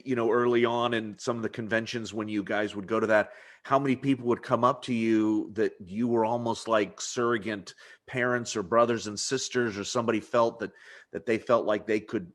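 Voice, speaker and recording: A man's voice: lowish voice, steady tone, normal speed, fairly bright tone. A man hosting a podcast interview in casual chat, rambling with lots of restarts and frequent laughter. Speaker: podcast host.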